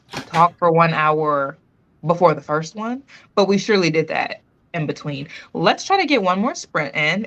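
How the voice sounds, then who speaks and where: A woman's voice: lowish voice, a bit bright. A woman in her twenties hosting a reading livestream, chatting and teasing her co-host at her computer. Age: 20s. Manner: chatty and teasing, with drawn-out words. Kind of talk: casual chat with a co-host.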